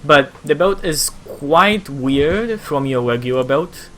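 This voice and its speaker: A man narrating a tabletop role-playing game as game master, casual and halting with fillers. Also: on the high side, expressive, a bit bright, slight background noise.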